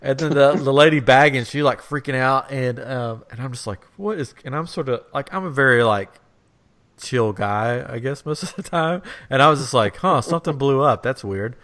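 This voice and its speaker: A man's voice: mid-range voice, normal speed, fairly bright tone. A man hosting a podcast, telling a rambling funny story in a casual chat and laughing as he goes. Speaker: podcast host.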